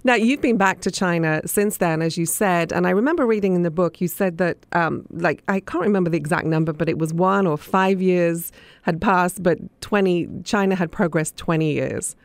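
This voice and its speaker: A woman's voice: on the low side, moderate pace, dry recording. A woman hosting a radio interview, speaking hesitantly with many fillers. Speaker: radio host.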